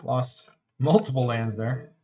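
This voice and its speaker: A man's voice: mid-range voice, slow pace, mellow, slightly rough, lo-fi sound. A man from Canada, giving casual, joking commentary as a streamer while he plays and answers chat.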